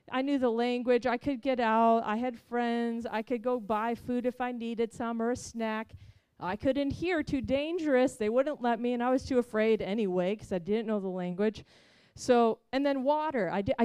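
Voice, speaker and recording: A woman's voice: on the high side, darkish tone, clean tone, no echo. A woman preaching as she tells a personal mission testimony, earnest and heartfelt.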